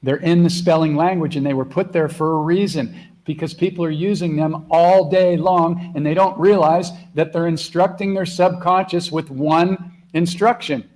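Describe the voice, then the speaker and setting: A man hosting a live spiritual coaching call, speaking earnestly and stretching words out slowly for emphasis. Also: fairly high pitch, steady tone, poor audio. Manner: drops to a soft hush when speaking affirmations. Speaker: host and spiritual mentor.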